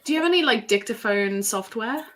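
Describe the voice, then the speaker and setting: A woman's voice: fairly high pitch, lively intonation, a little fast, a bit bright. A woman writer chatting casually and chiming in with eager, encouraging interjections. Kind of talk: casual chat.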